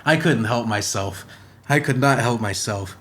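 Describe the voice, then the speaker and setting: A man's voice: medium pitch, a little slow, a bit bright, a little hiss or hum, pitched below the performer's own voice, natural voice. A man playing Spider-Man as a profane, rambling superhero in a comedy podcast rant, firing off rhetorical questions in a put-on accent that keeps slipping. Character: brash profane young male superhero, ranting.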